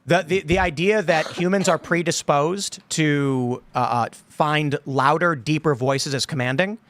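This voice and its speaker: A man in his thirties talks through a long story on a podcast, wandering from point to point and now and then slipping into mimicked voices. His voice sits a little high for a man. The sound is dry and close, with no room around it. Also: measured pace, a bit bright, no room sound. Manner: rambling, acts out quotes in put-on voices. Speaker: podcast host. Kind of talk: casual political chat.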